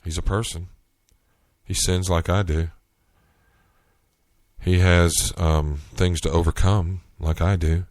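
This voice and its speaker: This solo podcast host, a Southern-accented man from North Carolina, tells stories casually, often restarting his sentences. He speaks slowly with long pauses in a very low voice, recorded dry with no room sound.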